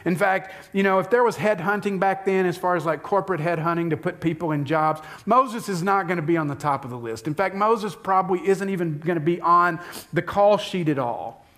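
A man's voice: high-pitched, a little fast, a bit bright. A man preaching a sermon as pastor, speaking conversationally and putting questions to the congregation.

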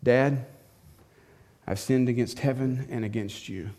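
Guy doing a sorry younger son, quiet and humble. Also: medium pitch, steady tone, measured pace, natural voice. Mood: contrite. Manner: quiet and contrite.

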